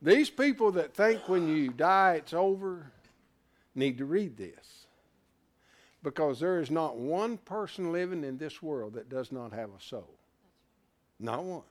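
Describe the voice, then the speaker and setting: An animated man teaches a Bible class, thinking aloud with rhetorical questions and restarted words. His voice is fairly high and a little slow.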